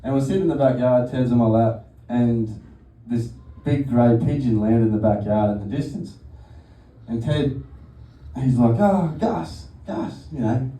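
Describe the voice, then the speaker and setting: A man's voice: medium pitch, normal speed, warm tone, distant mic. A man doing a stand-up set, telling crude, rambling stories and often breaking into laughter. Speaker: stand-up comedian. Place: comedy venue stage. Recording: echoey, noisy room miked from afar.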